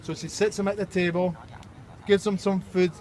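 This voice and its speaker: A man's voice: sits high, little pitch movement, moderate pace, darkish tone. A man telling a folk tale to a group in a casual, joking way, checking in with listeners often. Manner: joking, playful, checks in with the audience. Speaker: storyteller at a team event. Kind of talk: casual storytelling. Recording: crowd chatter outdoors.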